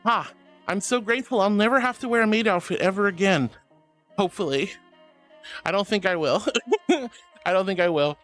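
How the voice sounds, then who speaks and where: A man with a high voice hosts a casual livestream and reads out viewer messages. He gushes and teases, and he calls everyone sweetheart, honey or darling. Soft music plays faintly behind him. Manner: gushing and playful. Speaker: streamer.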